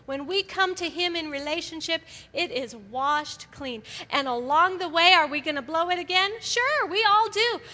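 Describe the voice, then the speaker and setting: A middle-aged woman giving an animated sermon to a gathering of women, often laughing as she speaks. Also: very high voice, normal speed, hardly any pauses. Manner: animated, laughs often, acts out quoted voices. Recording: live hall with long reverb.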